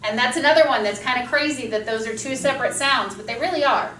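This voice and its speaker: A woman teaching a speech class with a high, bright voice and eager energy. She talks through a mask, picked up from across an echoey classroom, with faint room noise behind her. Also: far from the mic. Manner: enthusiastic, explains with quick examples. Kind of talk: classroom lecture with drills. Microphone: masked, recorded from across a classroom.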